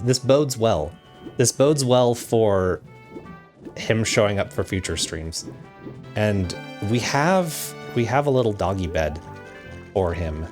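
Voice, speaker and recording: A young man with a fairly low voice chats casually on a game stream. He rambles in a warm, chatty way between play. There is faint music behind him.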